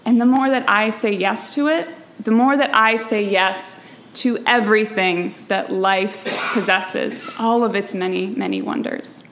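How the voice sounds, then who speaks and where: A young woman tells a deeply personal story in a slow, unhurried way. Her delivery is intimate and emotional, laughter never far from tears. A faint hum of noise sits behind her. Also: vocal fry, a bit bright. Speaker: storyteller and guest.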